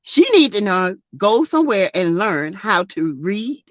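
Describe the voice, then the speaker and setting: A woman with a Southern US accent hosting a casual live stream, greeting chatters by name and laughing loudly and often. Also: medium pitch, big pitch swings, measured pace, dry recording, muffled recording. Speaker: YouTube live-stream host. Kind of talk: casual live-stream chat reading comments.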